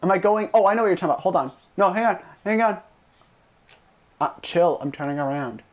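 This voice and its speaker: Streaming a video game, this man speaks in a high-pitched voice at a fairly quick clip, and the recording sounds muffled. His casual gameplay commentary is full of excitable, profane trash-talk aimed at a friend, with plenty of swearing.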